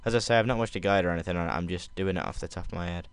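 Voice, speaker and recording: A young man with a Northern English accent giving sweary, excitable commentary over his own gameplay, slipping into London slang. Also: low-pitched, very fast, clean tone, no room sound. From Northern England. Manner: sweary, excitable outbursts between mumbled asides. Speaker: gaming video creator.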